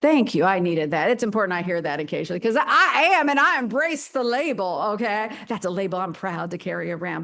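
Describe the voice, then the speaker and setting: A woman's voice: lowish voice, creaky, fairly bright tone. Playful, dramatic older woman preaching. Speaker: pastor. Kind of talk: sermon.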